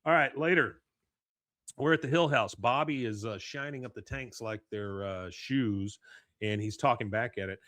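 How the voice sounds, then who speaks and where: A man hosting a podcast, casually recapping an episode in an animated way and often chuckling. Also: mid-range voice, moderate pace, no echo. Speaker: podcast host.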